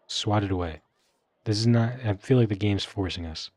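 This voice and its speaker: A man's voice: fairly low pitch, moderate pace, darkish tone, dry recording. A man streaming a choose-your-own-adventure game, reading choices aloud and reacting with wry, crude remarks. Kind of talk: casual live-stream commentary.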